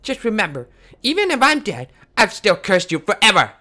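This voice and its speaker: A man doing a vengeful young woman fighter from a game, voiced far above his own pitch. She sounds shrill, lively and sharp-edged, swinging hard between fury and fear. The tone stays bright and tense throughout. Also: moderate pace, exaggerated voice. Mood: defiant. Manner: shrill and shouting, hurls insults. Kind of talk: reading game dialogue aloud.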